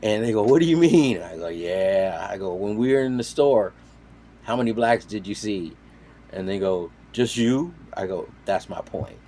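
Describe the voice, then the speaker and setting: A man casually telling a story, animated, jumping between loud quoted voices and quiet asides. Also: sits low, normal speed, a little hiss or hum. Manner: animated, acts out quoted voices with sudden loud and soft swings. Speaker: storyteller on a talk show.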